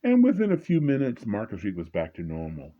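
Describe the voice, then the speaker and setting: A man's voice: fairly low pitch, wildly swooping pitch, a little fast, narrow, tinny audio. A man telling a personal story in a conversational way, often stopping and restarting, and raising his voice when he acts out angry exchanges. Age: 20s at the time told, now older. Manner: frequent fillers and repeated restarts.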